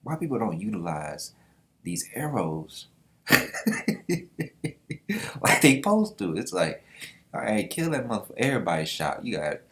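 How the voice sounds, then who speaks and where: A man hosting a casual manga reaction vlog, excited and slangy, swearing freely. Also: low voice, moderate pace. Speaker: manga reaction channel host.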